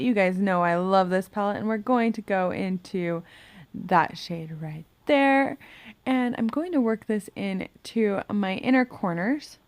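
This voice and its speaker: Woman, low gravelly voice, chatty makeup tutorial, dry close sound. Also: no room sound. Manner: chatty, talks to herself while working, hums and mutters. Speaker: beauty vlogger. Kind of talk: casual makeup tutorial chat. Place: home bedroom.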